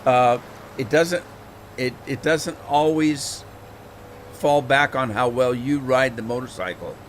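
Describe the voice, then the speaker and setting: A man's voice: mid-range voice, slow pace, a little hiss or hum. A middle-aged man hosting a game livestream, chatting casually and rambling, often repeating words as he thinks. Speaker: gaming livestream host. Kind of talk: casual chat while playing a game.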